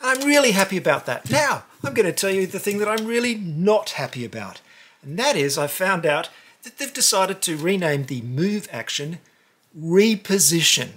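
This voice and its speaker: A man hosting a casual unboxing video, talking in an animated way with exaggerated cheers and bursts of mock outrage. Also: sits high, moderate pace, husky. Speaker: host.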